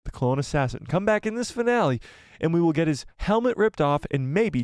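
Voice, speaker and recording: Excitable man hosting a live chat. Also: high-pitched, brisk, clear, resonant tone, dry recording, clean studio sound. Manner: excitable, reads viewer comments aloud; casual swearing. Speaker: live stream host.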